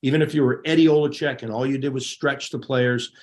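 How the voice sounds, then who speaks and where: A middle-aged man, a former hockey goalie, telling lively locker-room stories as a guest. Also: medium pitch, brisk. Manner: animated, laughing anecdotes. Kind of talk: casual storytelling.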